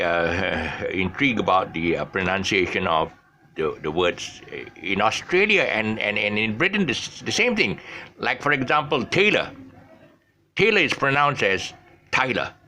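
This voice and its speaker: Rambling older man with a bright voice. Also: low-pitched. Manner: rambling with many restarts and self-corrections; chuckles at his own slips. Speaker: online show host. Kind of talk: casual talk to camera. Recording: faint background noise.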